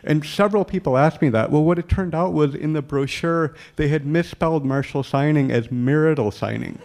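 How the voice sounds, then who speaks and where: A man's voice: fairly high pitch, a little fast, gravelly. A man telling a personal story to an audience in a humorous way, often chuckling as he talks. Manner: acts out dialogue with lively quoted voices.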